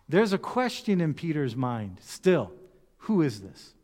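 Animated male preacher in a reverberant hall. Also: fairly high pitch, moderate pace. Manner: animated storytelling, acts out voices of the disciples. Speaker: pastor. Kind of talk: sermon.

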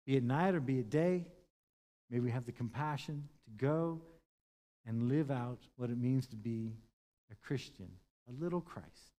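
A man preaching a sermon as pastor, moving from loud, stressed points to quiet, hushed lines and acting out the words of scripture figures. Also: mid-range voice. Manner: impassioned, swings between loud emphasis and hushed tones.

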